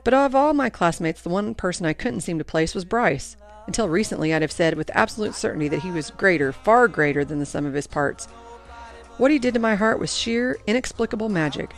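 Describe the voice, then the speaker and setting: A woman reading first-person audiobook narration in an earnest, expressive way. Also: lowish voice, a little fast, soft background music.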